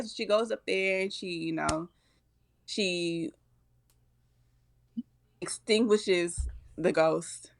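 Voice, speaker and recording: Animated woman retelling a cartoon. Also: mid-range voice, slow pace, long pauses. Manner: animated storyteller, acting out characters' lines. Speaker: podcast co-host. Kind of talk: casual retelling of a cartoon special.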